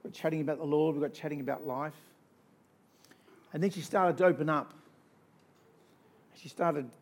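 A man delivering a sermon in a fairly high voice. He swings between hushed, intimate storytelling and loud, rousing calls to the congregation, with emphatic, repeated phrases. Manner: emphatic, repetitive lists. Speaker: pastor.

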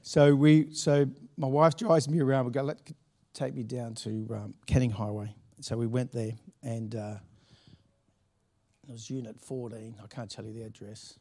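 A middle-aged pastor with a warm, medium-pitched voice speaks at a moderate pace with fairly even intonation. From the pulpit he tells a sermon anecdote in a chatty, laughing way, restarting many times.

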